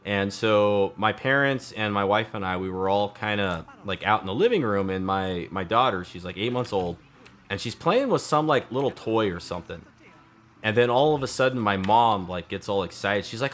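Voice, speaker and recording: A man's voice: on the low side, normal speed, a bit bright, a little hiss or hum. A man in his thirties thinking aloud as he builds in a game, casual and chatty. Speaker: let's play host. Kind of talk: casual gameplay commentary.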